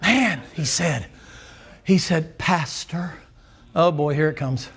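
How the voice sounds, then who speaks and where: High-voiced joking pastor. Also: male voice, lively intonation, unhurried, creaky, husky, soft background music. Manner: folksy, joking, swings between loud and low. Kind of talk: sermon.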